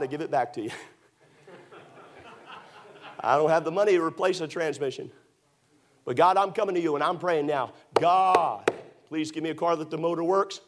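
Emphatic middle-aged preacher man, higher voice. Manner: emphatic, storytelling, surges to shouts. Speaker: pastor. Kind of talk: sermon.

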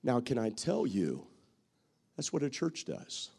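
A middle-aged man, a pastor, preaching a sermon with strong feeling, jumping from loud calls to soft, quiet words and acting out what others say. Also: mid-range voice, huge pitch swings, a little slow, gravelly, husky. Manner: emotive preaching with acted-out quotes, swings from loud to soft.

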